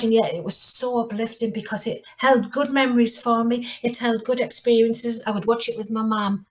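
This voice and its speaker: A middle-aged woman hosting a podcast, chatty and rambling with asides and restarts. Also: a little high. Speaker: podcast host. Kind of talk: casual chat.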